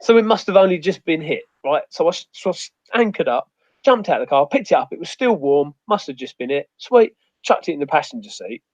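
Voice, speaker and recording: A man's voice: on the high side, sing-song, brisk, darkish tone, no room sound. A man with a rambling, sweary storytelling manner in a casual outdoors chat. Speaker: outdoors guest. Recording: muffled dry audio.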